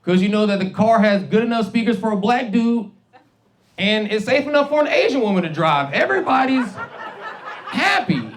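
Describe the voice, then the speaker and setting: A man in his thirties doing a stand-up comedy set, animated and slipping into put-on voices. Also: high-pitched, moderate pace. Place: comedy club stage with audience.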